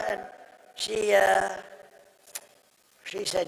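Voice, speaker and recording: At a podium microphone in a large rally venue, a man gives a rambling, boastful campaign speech, his voice strained and tiring after a long day. It sits high with little pitch movement and sounds gravelly and a bit bright, and he goes slowly with long pauses. The room is reverberant, with crowd noise.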